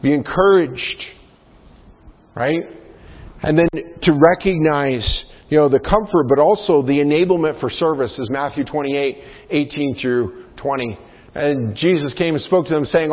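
A man's voice: fairly high pitch, normal speed. A man preaching a sermon as pastor, earnest, often putting questions to the congregation. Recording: tinny phone-like sound with long hall reverb.

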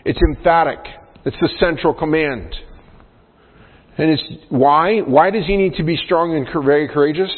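A man, a pastor preaching a sermon, who rises in pitch and force to stress key points. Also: normal speed. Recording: phone-like sound in a reverberant hall.

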